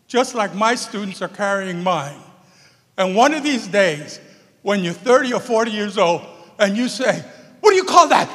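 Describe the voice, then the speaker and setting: A man, an acting teacher, giving an emotional and animated memorial speech on a theater stage. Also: high voice. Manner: animated, emphatic, sings a song. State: emotional, nervous. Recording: echoey theater hall.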